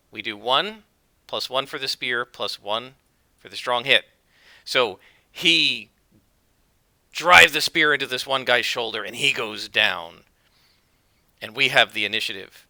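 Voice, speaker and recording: A man's voice: mid-range voice, takes it slowly, pauses often, sharp tone, no echo. A man narrating his solo tabletop game, thinking aloud and explaining dice rolls with frequent fillers and corrections. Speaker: game master and solo player.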